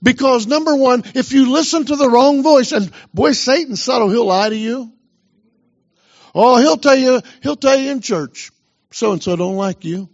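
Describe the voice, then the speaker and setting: A man's voice: very high voice, normal speed, highs cut off. A man pastor preaching a sermon with emphasis, urging the congregation on.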